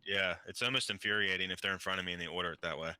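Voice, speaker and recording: A man's voice: deep voice, steady tone, rapid-fire, crowd noise. A man in casual chat, easygoing and agreeable.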